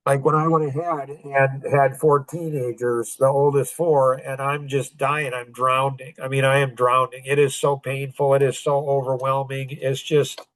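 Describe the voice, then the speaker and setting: A man's voice: mid-range voice, flat delivery, moderate pace, hardly any pauses, a bit bright, no echo. A man in his forties, a self-improvement speaker, telling a personal story in an earnest, rambling way with many restarts.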